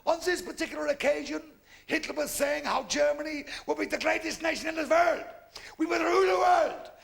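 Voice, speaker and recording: A man voicing an old German grandfather who rants loudly about his past. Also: extremely high pitch, fairly quick, gravelly, pitched above the performer's own voice, exaggerated voice. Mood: ranting. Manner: raised, shouting rant.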